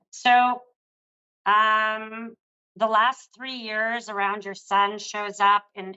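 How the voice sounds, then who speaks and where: Bright-voiced older woman giving a psychic reading. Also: medium pitch, clean tone, highs cut off. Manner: soothing, affectionate, calls the caller love. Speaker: psychic reader. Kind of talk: live psychic reading on air.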